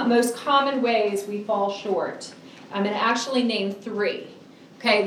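Heard from a distance in an echoey space, a middle-aged woman preaches with a slightly high voice, earnestly and emphatically drawing out important words. There's a little hiss or hum on the track.

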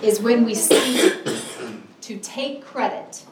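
A woman's voice: a little high, very noisy. Woman preaching, echoey from a distance. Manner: earnest, emphatic, with drawn-out stresses. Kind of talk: sermon.

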